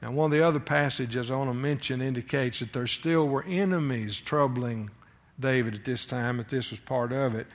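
A man teaching from the Bible in a sermon, reading verses aloud with rising emphasis and pausing with fillers as he explains. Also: medium pitch. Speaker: preacher teaching scripture.

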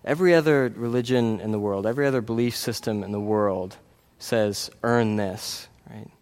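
On the low side and a little mellow, this man's voice runs fairly quick as he preaches. Earnest and conversational, he checks in with the congregation often using "right?" and restarts.

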